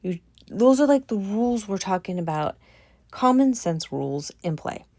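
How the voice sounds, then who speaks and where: A woman giving a casual commentary monologue on her channel, animated and incredulous, repeating her points for emphasis. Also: mid-range voice, moderate pace, no room sound. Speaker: vlogger.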